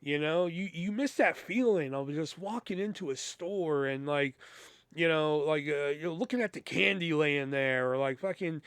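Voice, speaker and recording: Guy telling a story on his podcast, swears a lot, does everyone's lines himself, kinda high smooth voice, dry close sound. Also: normal speed, no room sound. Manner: animated, profane, acts out both sides of conversations. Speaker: podcast host. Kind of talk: casual storytelling monologue.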